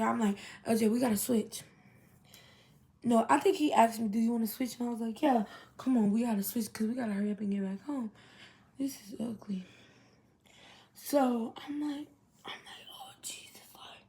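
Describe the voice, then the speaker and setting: A woman's voice: a little high, vocal fry, a little mellow. Chatty young woman with a drawl. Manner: chatty, addresses viewers as y'all, rambling with restarts. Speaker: vlogger. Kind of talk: casual storytime.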